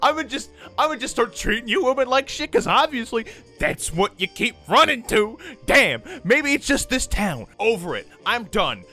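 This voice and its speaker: A man putting on the voice of a bitter, self-pitying young man who rants in a slow, exasperated drawl. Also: very high-pitched, big pitch swings, pushed and bright, faint music behind, heavily acted.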